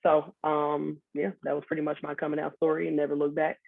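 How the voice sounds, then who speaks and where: A man's voice: fairly high pitch, monotone, fairly quick, vocal fry, dry recording. A man telling his coming out story as a guest, reflective and matter-of-fact. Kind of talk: personal storytelling. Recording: tinny phone-like line.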